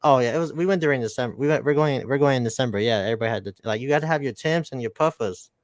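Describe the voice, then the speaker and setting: A man from Brooklyn co-hosts a live-stream chat, laughing often and tossing out slang with excited energy. His voice sits mid-pitch and is recorded dry, close up. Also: rapid-fire, no room sound. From New York. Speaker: co-host.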